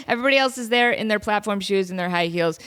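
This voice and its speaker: A woman in her thirties talks into a studio mic in her home podcast room. She tells a comic story with lively energy and plenty of mock asides. Her voice sits at a middle pitch for a woman. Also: brisk, smooth. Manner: animated, jokey storytelling with laughs and mock quotes. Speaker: podcast host. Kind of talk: casual comedic monologue.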